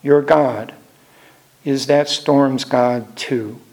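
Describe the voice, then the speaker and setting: An older man preaching a sermon in a measured way, repeating phrases for emphasis. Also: medium pitch, fairly even intonation, darkish tone.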